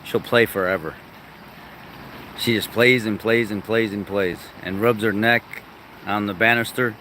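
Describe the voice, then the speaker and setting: A man's voice: on the low side, steady tone, unhurried, bright, forceful tone, a little hiss or hum, low-quality recording. A man hosting a casual morning livestream outdoors, chatting about his dogs and talking to them. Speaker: livestream host.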